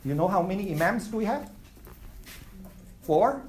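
A man's voice: high voice, lively intonation, normal speed, a little hiss or hum, low-quality recording. A man teaching a religious class in a conversational way, often putting questions to the room and repeating them. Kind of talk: classroom lecture.

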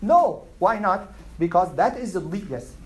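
A man's voice: high voice, animated, measured pace, low-quality recording. A man teaching a religious class in a conversational way, often putting questions to the room and repeating them. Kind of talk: classroom lecture.

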